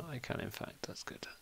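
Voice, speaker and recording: A man narrating as game master of a tabletop game over a stream, relaxed and joking, pausing often as he narrates. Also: background noise.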